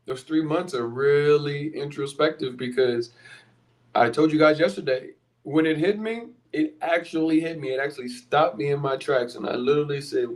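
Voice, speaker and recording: A man's voice: a little high, moderate pace, a little mellow. A man from Philadelphia with a Philly accent, hosting a podcast as a conversational, blunt monologue full of rhetorical questions. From Philadelphia, USA. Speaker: podcast host. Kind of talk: motivational monologue.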